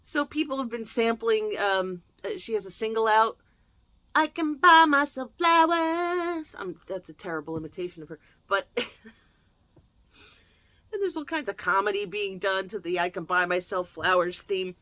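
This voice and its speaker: A woman chatting casually to camera as host, jokey and lively, laughing often. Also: mid-range voice, normal speed, no echo. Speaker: self-help video host.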